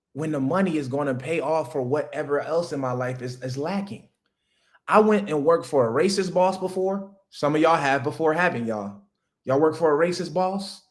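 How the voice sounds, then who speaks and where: A man, hosting a livestream and delivering a loud, preachy motivational rant that jumps high when he hammers a point. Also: normal speed. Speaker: livestream host.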